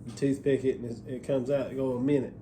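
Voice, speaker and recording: A man's voice: mid-range voice, level tone, fast talker, dark tone, slight background noise. A middle-aged man hosting a home cooking video, giving folksy, rambling instructions to his viewers. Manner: folksy, rambling, repeats himself. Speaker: cooking show host.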